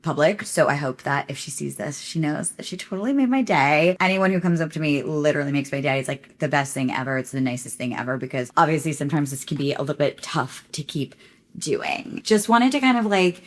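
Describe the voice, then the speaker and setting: Young female vlogger, lower register, casual rambling chat to a handheld camera. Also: expressive, brisk. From Connecticut, USA. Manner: chatty, rambling, peppered with "like".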